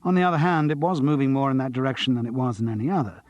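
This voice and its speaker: A man narrating an audiobook in a measured, wry way. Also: medium pitch, steady tone, a little mellow, dry recording. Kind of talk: scripted narration.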